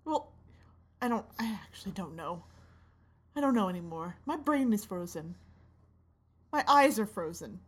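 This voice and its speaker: A woman's voice: medium pitch, lively intonation, moderate pace, long pauses, slightly rough. A woman co-hosting in character with sarcastic, complaining comedic banter. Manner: wears glasses. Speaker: co-host.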